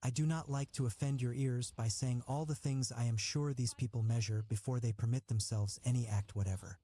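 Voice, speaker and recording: A man's voice: medium pitch, steady tone, brisk, dark tone, lightly acted. A man reading a novel aloud, voicing a sardonic, teasing young Italian man who argues in a mocking, grandly philosophical way. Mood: scornful. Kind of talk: audiobook reading.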